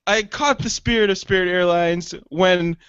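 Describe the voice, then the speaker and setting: High-voiced man telling a rambling story. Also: moderate pace, a bit bright, smooth, dry recording, lo-fi sound. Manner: profane rambling storyteller, laughs often. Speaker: podcast co-host. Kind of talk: casual comedic chat.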